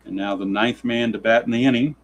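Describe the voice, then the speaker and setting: A man's voice: mid-range voice, steady tone, a little fast, rough recording. A man narrating a tabletop baseball simulation in play-by-play style, grumbling with sarcastic exasperation at the dice.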